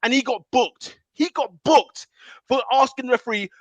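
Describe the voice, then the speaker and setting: A man's voice: very high voice, moderate pace, no room sound, muffled recording. A man co-hosting a podcast, ranting in a heated football debate and repeating himself in exasperation. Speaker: podcast co-host.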